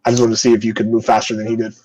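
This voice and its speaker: A man's voice: on the low side, monotone, racing, darkish tone, poor audio. A young man running a tabletop game as game master, casual and loose, with lots of filler words and swearing.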